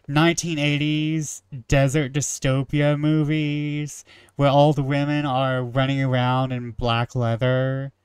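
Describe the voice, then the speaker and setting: Man, wry gamer commentary, smooth voice, close dry mic. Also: medium pitch, dry recording. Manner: wry, joking asides. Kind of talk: reading a story game aloud with commentary.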